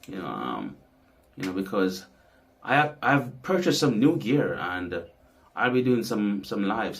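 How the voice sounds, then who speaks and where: A man's voice: fairly low pitch, fairly bright tone. A man talking casually to his camera as a vlogger and musician, rambling and filling his talk with "you know". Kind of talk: casual vlog chat.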